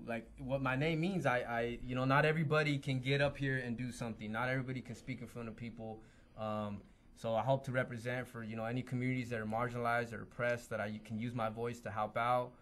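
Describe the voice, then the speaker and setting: A man's voice: medium pitch, a bit bright, a little hiss or hum. A man appearing as a musician guest in a casual chat, earnest and hesitant, with many fillers.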